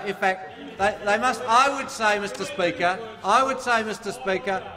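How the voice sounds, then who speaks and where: Australian minister, high-pitched for a man, jabbing at the other side, long echo of the chamber. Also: fairly bright tone. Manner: combative, mocking, reads rules aloud. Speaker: government minister in parliament. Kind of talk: parliamentary debate speech. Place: parliament chamber. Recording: reverberant parliament chamber.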